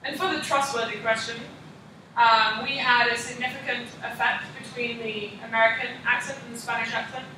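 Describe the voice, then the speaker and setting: A woman's voice: on the high side, fairly even intonation, brisk, sharp tone, a little hiss or hum. A young woman, a student, practicing a class presentation and reading from prepared slides with frequent ums. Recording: echoey room, mic far off.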